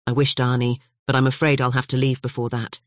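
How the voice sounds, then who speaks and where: Narrator doing a male lawyer, bantering and brisk, close to his own voice. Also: mid-range voice, level tone, dry recording, lightly acted.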